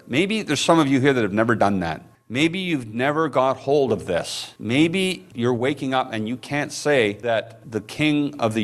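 Impassioned male pastor preaching a sermon. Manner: impassioned, rising to high emphatic peaks then dropping low and soft; conversational asides to the congregation.

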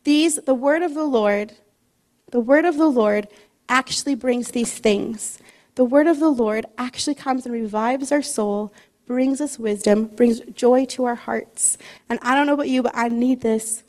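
A middle-aged woman giving a casual, chatty sermon, joking at her own expense and reading scripture slowly. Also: on the high side, a little mellow. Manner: chatty and self-deprecating, laughs often, reads scripture slowly. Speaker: preacher.

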